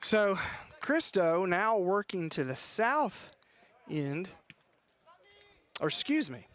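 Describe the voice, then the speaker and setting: A man doing local play-by-play of a high school soccer game, out of breath and chatty, with folksy asides. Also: sing-song, slow pace, a bit bright, slight background noise. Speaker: play-by-play commentator. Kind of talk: local sports commentary. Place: press box at outdoor field.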